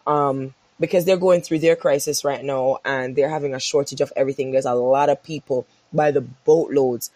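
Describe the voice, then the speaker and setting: A woman's voice: very deep voice, fairly even intonation, normal speed, few pauses, dark tone, dry recording. Woman ranting on a podcast, keeps asking you understand, dry close mic. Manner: emphatic, repeats points rhetorically. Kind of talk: casual chat.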